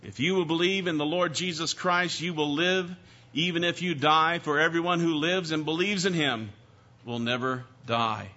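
A male pastor delivering a sermon with a bright, forceful, somewhat high voice. He drives his points home emphatically and keeps asking the congregation questions. The recording is dull and lo-fi. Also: normal speed. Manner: emphatic preaching with rhetorical questions.

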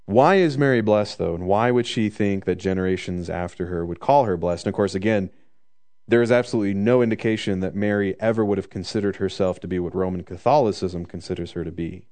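A man preaching a conversational sermon, joking in asides and slowing down to stress the scripture. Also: sits low, a little mellow.

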